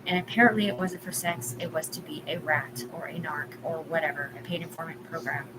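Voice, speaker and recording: A woman's voice: low-pitched, steady tone, a little fast. A woman in her forties ranting on a live stream, rambling, agitated and profane. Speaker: livestream host. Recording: clear background ambience noise.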